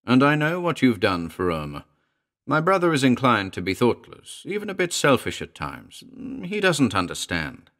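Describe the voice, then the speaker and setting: A man voicing a smooth, oily middle-aged gentleman who talks down in a soothing, condescending way. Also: medium pitch, huge pitch swings, moderate pace, voice pushed up. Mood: placating. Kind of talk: audiobook character reading.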